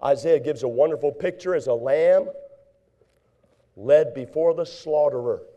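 Male preacher, high and mellow, animated sermon delivery with loud acted-out voices and hushed asides. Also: muffled recording. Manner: reads scripture in slow drawn-out tones.

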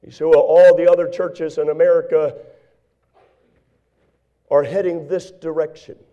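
Fiery high-pitched preacher. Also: male voice, level tone, a little slow, muffled recording. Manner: swings from hushed to shouting fervor. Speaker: pastor. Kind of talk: sermon. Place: church.

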